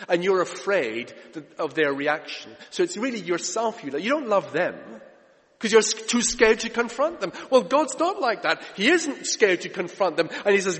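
A man preaching a sermon, emphatic, moving between loud urgent lines and hushed ones. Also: high-pitched, very animated, normal speed. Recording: reverberant hall.

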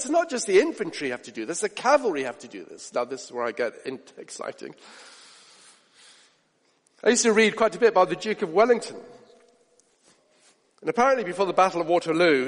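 A man preaching a sermon in an animated way, acting out the voices of people he quotes. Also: high-pitched, fairly quick. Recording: long hall reverb.

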